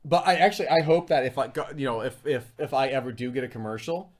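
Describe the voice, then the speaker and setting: A man's voice: medium pitch, fast, a little mellow. Rambling man chatting on a livestream. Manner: rambling, self-deprecating storytelling with many fillers. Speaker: co-host of a food review livestream. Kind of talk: casual live-stream chat.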